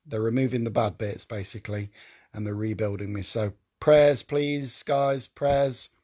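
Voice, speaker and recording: A man's voice: medium pitch, fairly even intonation, unhurried, darkish tone. A man hosting his own live stream, talking earnestly and emotionally, often repeating himself as he pleads with viewers.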